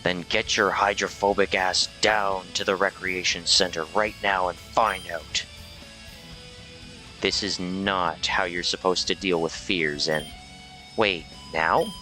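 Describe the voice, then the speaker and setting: A man's voice: sits low, unhurried, sharp tone, faint music behind. A man voicing a brash army officer in a game, barking orders in a bossy way.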